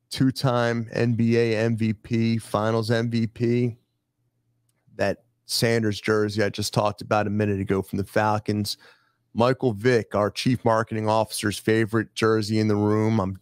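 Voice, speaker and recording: Quick, jokey man hosting a studio chat. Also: fairly low pitch, no room sound. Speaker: host. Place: studio filled with sports memorabilia.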